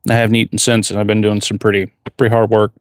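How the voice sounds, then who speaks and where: A man's voice: lowish voice, level tone, quick pace, no echo, clean studio sound. Laid-back man chatting on a livestream. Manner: laid-back, rambling, reads viewer questions aloud. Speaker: blacksmith livestreamer. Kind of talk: casual livestream chat. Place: forge workshop.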